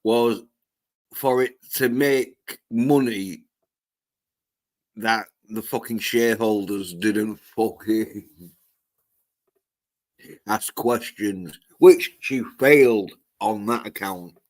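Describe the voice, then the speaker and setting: Slow-talking man ranting profanely. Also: lowish voice, a little mellow. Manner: profane, ranting, halting with restarts. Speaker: livestreamer. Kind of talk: solo livestream rant.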